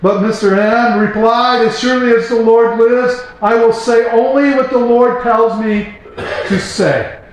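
A Bible teacher in his forties reads verses aloud informally, breaking in with casual asides and commentary. His voice is very high with fairly even intonation and a little slow, and the room is very echoey.

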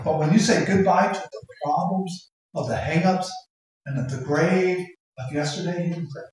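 A woman preaching a sermon with passion, often shouting and lilting into song. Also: fairly low pitch, moderate pace, a little hiss or hum. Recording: very echoey hall, voice from far off.

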